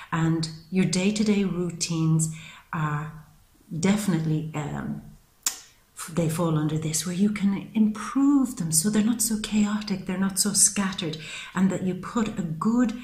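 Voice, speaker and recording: A woman's voice: fairly low pitch, a little mellow. A woman giving a chatty, affectionate tarot reading and speaking straight to her viewers. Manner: chatty, affectionate, acts out quoted voices. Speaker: tarot reader. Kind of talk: monthly tarot reading to camera. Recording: echoey room.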